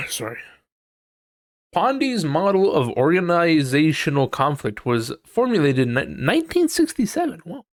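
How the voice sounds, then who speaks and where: A man's voice: on the high side, wildly swooping pitch, moderate pace, no echo, clean studio sound. A man hosting a casual solo podcast. He thinks aloud while reading, swears freely, and acts out quoted people in exaggerated voices. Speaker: podcast host.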